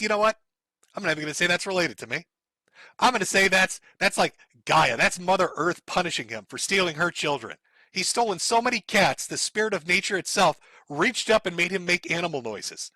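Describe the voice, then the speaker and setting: A man's voice: sits high, sharp tone, no room sound. A middle-aged man hosting a live stream, giving sarcastic, mocking commentary on a clip and laughing often. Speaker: streamer host.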